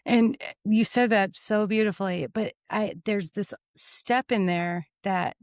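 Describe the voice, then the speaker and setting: Smooth-voiced woman podcast host. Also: mid-range voice, measured pace, dry recording, studio quality. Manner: reflective, affirming. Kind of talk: conversational interview.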